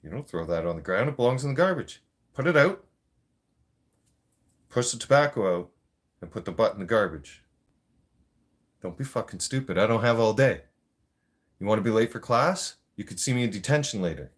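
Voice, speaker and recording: A man voicing a stern, impatient male school disciplinarian in a gruff, scolding manner. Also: fairly low pitch, lively intonation, normal speed, pauses often, close to an everyday voice.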